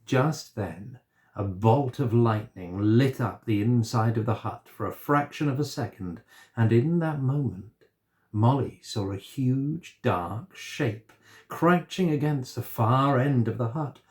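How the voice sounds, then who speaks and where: A man reading a children's story aloud in a gentle, expressive way. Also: mid-range voice, slow pace.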